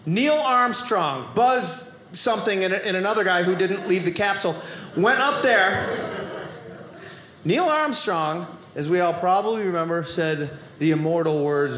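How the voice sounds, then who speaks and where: Boston man, stand-up comic, very high voice, roomy live stage sound, playful shouty delivery. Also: measured pace, slight background noise. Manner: animated, playful delivery with shouted asides and sudden quiet drops. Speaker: stand-up comedian. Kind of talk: stand-up comedy routine. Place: comedy club stage before a live audience.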